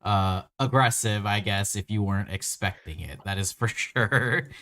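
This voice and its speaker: A man's voice: fairly low pitch, normal speed, pushed and bright, no room sound, studio quality. A man narrating a tabletop game as game master, often laughing between lines.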